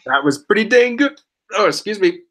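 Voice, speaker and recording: A man teaching pronunciation one-on-one, encouraging and full of praise, modeling each word very slowly while sick and clearing his throat. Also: high voice, lively intonation, bright, forceful tone. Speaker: language teacher.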